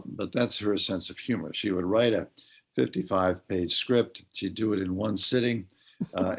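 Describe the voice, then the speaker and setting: An older man speaking as an interview guest, hesitant and full of filler pauses. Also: low-pitched, gravelly. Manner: hesitant, many filler pauses while recounting. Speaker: guest, dementia advocate. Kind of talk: radio interview talk.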